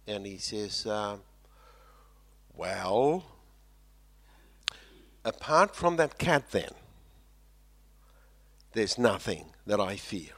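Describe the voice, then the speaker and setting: A man from South Africa preaching a sermon, swinging from loud emphatic lines to quiet low ones and repeating phrases for weight. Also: slow, long pauses.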